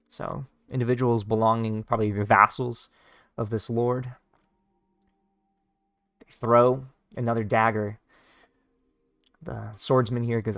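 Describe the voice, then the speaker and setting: A man casually reading a comic aloud, describing the panels in an informal, halting way with many fillers. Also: lowish voice, flat delivery, gravelly, fairly bright tone, no echo, studio quality. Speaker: read-along narrator. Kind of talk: casual read-along of a comic.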